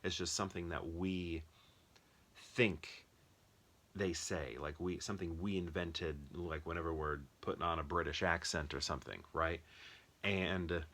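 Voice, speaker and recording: A young American man with a low voice talks casually through his movie picks, thinking aloud and restarting sentences as he goes. His tone carries a bright, forceful edge despite the depth. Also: steady tone, a little slow. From United States. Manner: chatty, thinks aloud with many ums and restarts. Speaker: movie collector vlogger. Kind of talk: casual rambling commentary.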